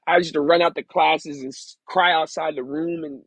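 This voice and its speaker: A man reading aloud slowly, sounding out hard words, then talking candidly and casually about his past. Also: a little high, steady tone, vocal fry, a bit bright, dry recording, poor audio. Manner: slow halting sounding-out of words, then candid rambling asides. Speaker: vlogger learning to read.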